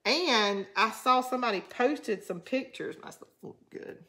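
A woman's voice: fairly high pitch, unhurried, bright, forceful tone. A woman with a Southern US drawl, hosting a craft channel in rambling, chatty talk while she answers viewer comments. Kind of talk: casual live crafting chat.

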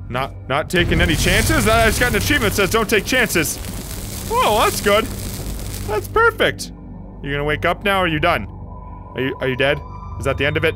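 A man's voice: high-pitched, gravelly. Jumpy man yelping through horror gameplay. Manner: jumpy, shrieks and nervous laughter. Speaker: gaming commentator. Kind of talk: let's play horror game commentary. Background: game music.

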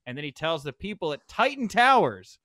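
Male podcast host, casual chatty recapper, slightly high voice, dry close sound. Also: brisk, dry recording. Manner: lively recapping, excitable asides. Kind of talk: casual chat.

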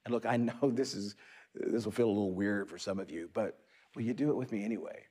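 A man preaching a sermon as pastor of an online worship service, reflective, drifting into soft whispers as he leads the listeners. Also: fairly low pitch, fast, breathy edge.

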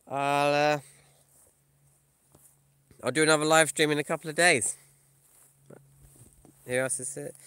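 Brief: male van-life vlogger, casual live chat, bright crisp voice, dry close sound. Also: on the high side, steady tone, a little slow, pauses often, no echo. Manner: casual, chatty, reads comments aloud and answers them. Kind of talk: live stream chat, reading viewer comments. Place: in a camper van or parked outdoors.

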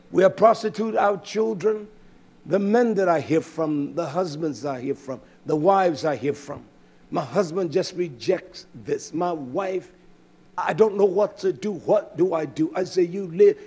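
A man preaching a fiery sermon with impassioned swings from shouting to hushed tones. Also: sits high, gravelly, husky.

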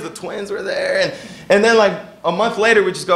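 A young man preaching with a high, bright voice. He tells stories with animated energy and acts out the people he quotes. He preaches to his congregation in a sermon style. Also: fairly quick, vocal fry. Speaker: pastor.

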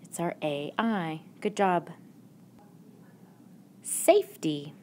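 Woman teacher, lowish voice, unhurried and encouraging, faint hiss behind. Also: darkish tone. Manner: slow, patient, encouraging classroom delivery. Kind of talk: recorded phonics lesson. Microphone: tablet microphone.

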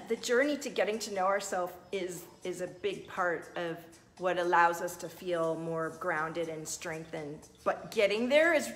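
A woman's voice: mid-range voice, a bit bright. A woman hosting a livestream as a spiritual coach, talking earnestly and answering viewers' comments.

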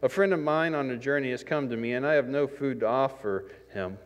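A man preaching in a church sanctuary, speaking at an ordinary pitch. His delivery is conversational and self-deprecating, and he acts out the people in his stories. A long reverb trails off behind his voice. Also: a little fast. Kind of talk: sermon.

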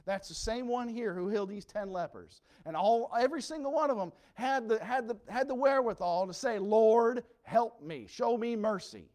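A man preaching a sermon as pastor, passionate and earnest, dropping low and quiet then rising to loud emphatic cries. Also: a little fast, hardly any pauses.

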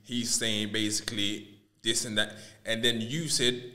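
Bright-voiced male interview host. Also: lowish voice, measured pace. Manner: relaxed, chatty questioning, retells stories with quotes. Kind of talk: casual interview talk.

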